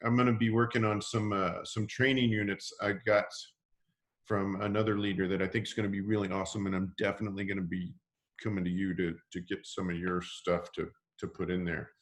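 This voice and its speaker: A man's voice: sits low, level tone, brisk. A man hosting a team call, rambling casually with many restarts and "you know". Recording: echoey room sound.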